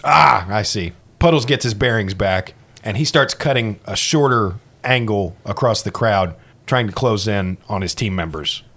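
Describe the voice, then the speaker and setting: A man narrating a tabletop game as game master, relaxed and quick to laugh. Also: fairly low pitch.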